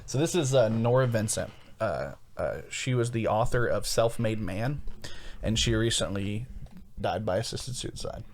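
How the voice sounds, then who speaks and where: A man's voice: lowish voice, animated, measured pace, a little mellow, slight background noise. A man hosting a podcast in casual, rambling chat, often restarting his sentences as he tells stories. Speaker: podcast host.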